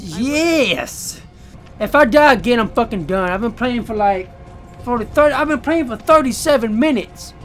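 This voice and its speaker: Bright-voiced swearing male gamer. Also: very high voice. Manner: cursing, easily frustrated, ranting; talks to viewers directly. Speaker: gaming YouTuber. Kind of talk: casual gameplay commentary.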